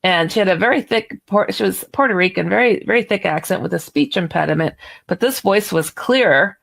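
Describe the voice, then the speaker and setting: A woman guest author telling a story on a radio interview, animated and chatty, laughing now and then. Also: medium pitch, fairly quick, vocal fry.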